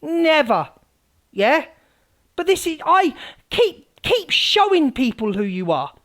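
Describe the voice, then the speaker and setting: A woman hosting a live stream, ranting scathingly at rivals, mocking them and swinging from loud outbursts to low mutters. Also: sing-song, slow pace. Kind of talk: heated live-stream rant.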